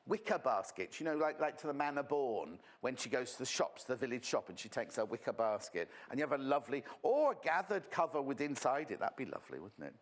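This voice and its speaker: A man's voice: mid-range voice, very animated, a little fast, few pauses. A man presenting a live sewing demonstration on a shopping channel, chatty and gossipy as he teases the crew. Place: TV studio.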